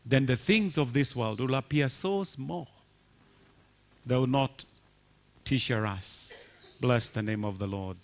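A man's voice: medium pitch, takes it slowly, pauses often. A man preaching a sermon with passion, repeating rhetorical questions to the congregation.

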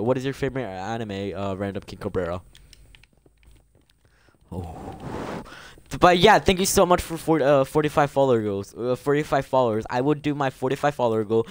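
Teen male streamer, excitable banter, clean and resonant tone. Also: medium pitch, clear, resonant tone, no echo. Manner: excitable, gasping, bantering with chat. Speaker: game streamer. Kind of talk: live gaming stream chat.

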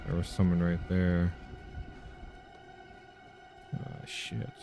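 A man's voice: sits low, completely flat delivery, extremely slow, creaky, music in the background. A young man casually commenting while playing a horror game, reacting with startled, profane outbursts. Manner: jumpy, profane reactions to scares. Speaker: gaming channel host. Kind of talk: let's play commentary.

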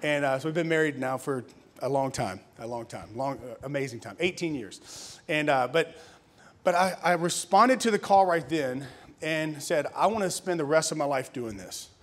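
Pastor guy in his 30s from louisiana, chatty sermon story, voice a bit on the high side. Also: moderate pace, a bit bright. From Louisiana, USA. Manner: conversational storytelling with laughs and restarts. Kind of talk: conference sermon, personal testimony.

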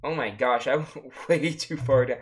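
A livestreamer plays a block-building game and gives casual commentary in a mid-range voice at normal speed, laughing often and breaking into frequent exclamations. Faint music plays in the background.

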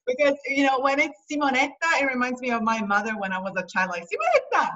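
Italian woman guest in her thirties, lively and laughing, sharp tone, muffled far-off mic. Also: sits high, fast talker. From Italy. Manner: animated, laughs often, filler-heavy. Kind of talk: casual interview.

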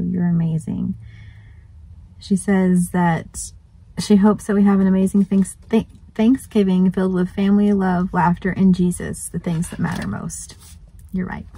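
A woman vlogger chats away outdoors beside a lake. Her voice is mellow and slightly breathy. She gushes freely and now and then drops to a soft whisper. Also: on the low side, flat delivery, a little slow, low-quality recording. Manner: chatty and gushing, at times whispering. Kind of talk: casual chat.

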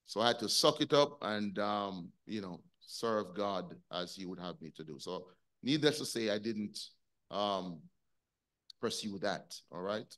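A man's voice: lowish voice, expressive, measured pace, fairly bright tone. Man teaching Sunday school, quizzing his class. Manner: conversational, asks the class questions. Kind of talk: Bible teaching on a video call. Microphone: video call.

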